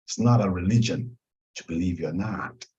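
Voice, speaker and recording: A man's voice: low-pitched, normal speed, dark tone, muffled recording. A man teaching mediation in a webinar, with an emphatic, repetitive delivery that stretches out key words. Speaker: mediation instructor.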